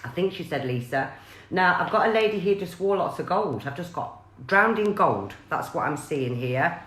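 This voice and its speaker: A woman talks through a live-streamed reading in a chatty, rambling way, full of fillers and restarts. Her voice sits a little low. The sound carries a roomy echo. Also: animated, moderate pace, fairly bright tone. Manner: chatty, relays messages with many fillers and restarts. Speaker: psychic medium.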